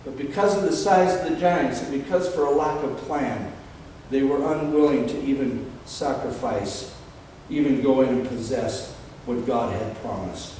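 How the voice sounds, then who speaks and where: An older man preaching a sermon in a fiery, dramatic way, reading scripture slowly and emphatically and swinging between loud and quiet. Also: mid-range voice. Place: large church hall. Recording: echoey hall from far off, faint background noise.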